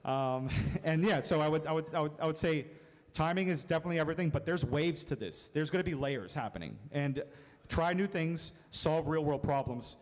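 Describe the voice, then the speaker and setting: A man on a panel talks in a loose, rambling way, full of optimism and restarts. His voice is a touch high, and long hall reverb follows his words. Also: lively intonation, a little fast. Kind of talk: panel discussion.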